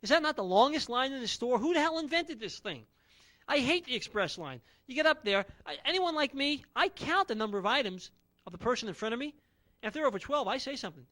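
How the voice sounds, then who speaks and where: A man's voice: very high voice, expressive, fast talker, sharp tone. A man around forty performing a stand-up comedy routine with brash, punchy one-liners and no audience.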